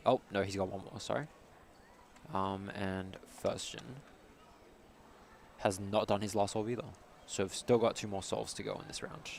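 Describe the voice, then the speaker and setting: A man's voice: lowish voice, flat delivery, moderate pace, creaky, slight background noise. A man doing casual co-commentary at a live competition, playful and bantering.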